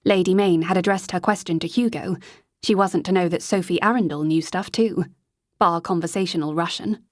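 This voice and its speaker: A woman reading a novel aloud as an audiobook narrator, in an even storytelling manner on a close mic. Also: fairly low pitch, normal speed, no echo. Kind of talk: scripted narration.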